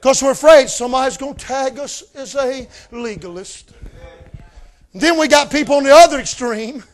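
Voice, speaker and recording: A man preaching a fiery revival sermon in a folksy style, shouting often. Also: extremely high pitch, moderate pace. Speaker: visiting preacher.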